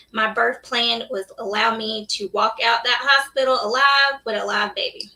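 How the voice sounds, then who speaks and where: Bright-voiced woman, a bit off-mic. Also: a little high, level tone, moderate pace, creaky, recorded from a distance, poor audio. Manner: candid, laughs often. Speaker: guest nurse. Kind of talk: casual interview chat.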